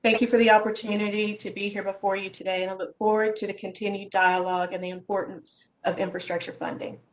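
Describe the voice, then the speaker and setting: A woman testifying remotely at a Senate hearing from her office, reading a prepared statement in a measured way over a video call. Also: mid-range voice, little pitch movement, low-quality recording.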